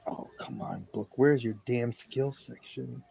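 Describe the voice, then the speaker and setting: A man's voice: medium pitch, a little slow, vocal fry, dark tone, husky. A man playing a tabletop game, checking the rulebook aloud and explaining rules with casual swearing. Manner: rules-focused, profane, flips through rulebook aloud. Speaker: player.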